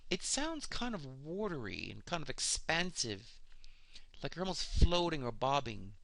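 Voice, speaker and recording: A man's voice: on the high side, sing-song, vocal fry, fairly bright tone, no room sound. A man giving a spiritual lesson on sound magic, explaining words and spelling out how to pronounce them. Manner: slow, deliberate explaining, spelling out pronunciations. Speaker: spiritual teacher.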